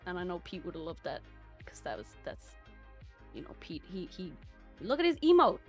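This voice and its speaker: A woman's voice: on the low side, fairly quick, slightly rough. Irish woman doing a fake funeral speech, keeps cracking up and swearing, faint music behind. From Ireland. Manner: giggly, swears a lot, breaks into laughter. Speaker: guest speaker. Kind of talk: mock eulogy, casual stream chat. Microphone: voice call from home.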